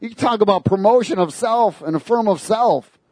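A man preaching a sermon, lively and sarcastic, laughing between his points. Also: high-pitched, moderate pace, dry recording.

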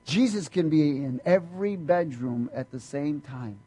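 A man preaching a sermon, quizzing his congregation and swinging between loud emphasis and hushed asides. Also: fairly high pitch, lively intonation, a little slow, breathy edge, poor audio. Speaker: pastor.

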